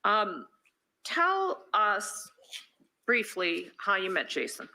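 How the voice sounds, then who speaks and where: A woman attorney questioning a witness in court, measured and prompting. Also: medium pitch, wildly swooping pitch, pushed and bright, rough recording.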